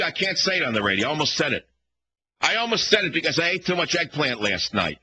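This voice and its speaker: A man's voice: fairly high pitch, sing-song, fast, sharp tone, slightly rough, rough recording. A man with a Bronx New York accent hosting a talk radio show, ranting combatively and firing off rhetorical questions.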